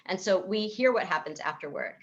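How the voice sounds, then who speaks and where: A woman's voice: medium pitch, lively intonation, fairly quick, lo-fi sound. A woman psychotherapist speaking at a virtual event over a video call, answering questions in a thoughtful, explanatory way with frequent fillers and restarts. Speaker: psychotherapist and author.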